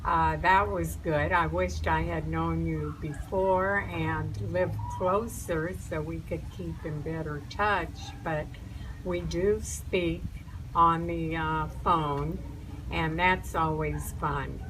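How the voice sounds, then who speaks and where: Older lady, slow lowish voice, birthday msg, hum behind. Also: steady tone. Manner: slow, gentle, hesitant. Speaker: family friend. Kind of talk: recorded birthday greeting.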